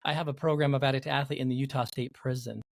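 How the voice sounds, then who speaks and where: Brief: male podcast host, expressive storyteller, medium pitch, dead-dry studio sound. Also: rapid-fire, vocal fry, no room sound. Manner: animated storyteller who acts out quoted voices. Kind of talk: podcast interview.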